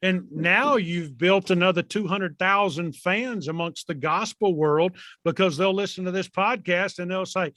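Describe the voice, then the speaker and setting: High-voiced jovial man in his fifties. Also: a little slow, few pauses, a bit bright, no room sound, studio quality. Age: 50s. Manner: jovial, joking, folksy, says "y'all". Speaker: podcast host. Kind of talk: casual podcast hosting.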